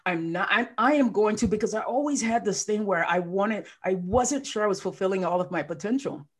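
Appearing as a guest on a casual podcast interview, a woman life coach tells her story emotionally and with animation, acting out what people said. Her medium-pitched voice is slightly rough and a little fast.

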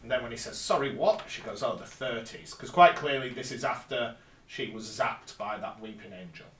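A man's voice: mid-range voice, fairly quick, a bit bright, slight background noise. A man recapping an episode plot step by step on a casual podcast, with dry little asides. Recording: roomy, distant mic.

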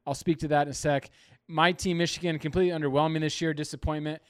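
A man in his thirties with a fairly high voice chats casually as a podcast co-host. He rambles a little and pokes fun at himself, recorded close and dry. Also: little pitch movement, fast, smooth, dry recording. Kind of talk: casual chat.

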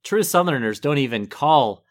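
A man's voice: medium pitch, animated, moderate pace. Chatty man co-hosting a podcast. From northern United States. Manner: chatty, laughs often, trails off and restarts. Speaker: podcast co-host. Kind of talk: casual chat.

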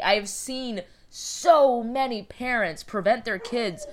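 Animated woman in casual chat. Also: a little high, slow, hardly any pauses, slight background noise. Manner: animated, emphatic, slangy.

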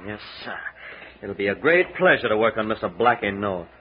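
A man's voice: fairly low pitch, sing-song, fairly quick. An actor playing a joking young male sidekick with a Texan accent and a folksy way of talking, in 1940s radio acting. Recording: dull old radio recording, faint hiss.

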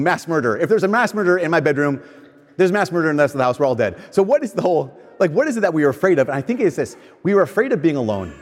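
Man preaching in a reverberant hall. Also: fairly high pitch. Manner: conversational preaching, shifts between slow emphatic lines and quick asides. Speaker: pastor. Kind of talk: sermon.

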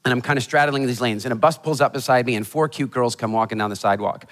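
A motivational speaker telling funny stories in a keynote talk before a live audience, animated and acting out the voices of people in his stories. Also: medium pitch, fast talker. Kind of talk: humorous storytelling keynote talk. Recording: hall reverb of a live talk.

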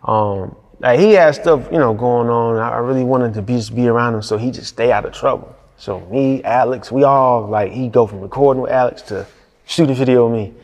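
A man's voice: medium pitch, a little fast, a little mellow. Slangy storytelling man, echoey room. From Detroit, USA. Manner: laid-back, slangy, lots of fillers and laughs. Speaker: music video director, guest. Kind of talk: casual interview storytelling.

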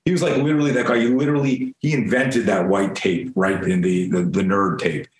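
Speaking as a guest in a casual interview, a man with a deep, slightly fast voice tells a story from his youth. He swears freely and animatedly acts out what people said, and the recording has a roomy echo.

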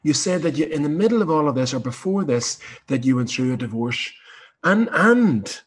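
A man's voice: fairly high pitch, expressive, normal speed, husky. A man interviewing a guest, putting his questions in a direct, summarizing way.

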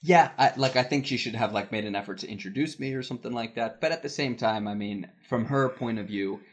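A man's voice: medium pitch, a little fast. A man in his thirties on a casual podcast, telling a work anecdote with frequent fillers and laughs. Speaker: podcast co-host, voice actor in Japan. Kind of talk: casual podcast chat, storytelling.

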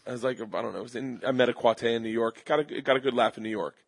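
A husky man spins animated comedy stories as an interview guest. He jumps into quick impressions of the people in his tales, with a slightly breathy edge to his voice. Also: medium pitch. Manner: animated storyteller doing quick voices of others. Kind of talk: storytelling interview. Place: live audience at a comedy festival.

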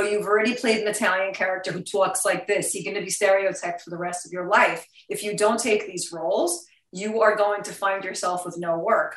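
A woman in her fifties with a New York accent, a guest talking in a casual interview, blunt, profane and quick to laugh. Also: mid-range voice, fairly bright tone. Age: 50s. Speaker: actress guest. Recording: roomy sound, distant from the mic.

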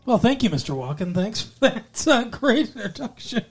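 A man's voice: very high voice, big pitch swings, moderate pace, slightly rough, faint music behind. A man co-hosting a podcast in casual banter, joking and teasing his co-host. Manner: joking, teasing, drops into silly impressions.

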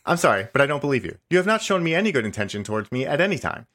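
A man reading the lines of a stubborn, passive-aggressive male AI chatbot in a comedy podcast, insisting he is right and tacking on a deadpan "smiley face". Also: medium pitch, racing, pitched above the performer's own voice. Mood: self-righteous. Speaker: podcast host. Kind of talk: comedic dramatic reading of a chat log.

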